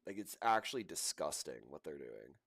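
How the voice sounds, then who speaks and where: A man's voice: extremely low pitch, big pitch swings, normal speed, fairly bright tone, dry recording. A man hosting a livestream, reacting to posts with indignant commentary. He repeats himself and laughs scornfully. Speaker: livestream host.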